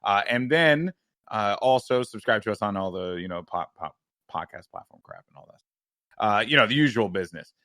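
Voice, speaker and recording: A man's voice: on the low side, normal speed, dry recording, studio quality. A man co-hosting a podcast, doing plugs and joking around in casual chat. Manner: lively, jokey, reads out plugs. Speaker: podcast co-host.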